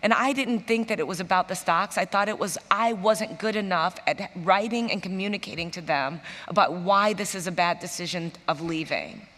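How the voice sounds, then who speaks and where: A lower-pitched woman from Chicago tells her stories on a conference stage. She gets animated and acts out the people she quotes. Her voice carries the long reverb of a big hall. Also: normal speed, hardly any pauses. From Chicago, USA. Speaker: interview guest, business executive. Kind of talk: storytelling in a stage interview.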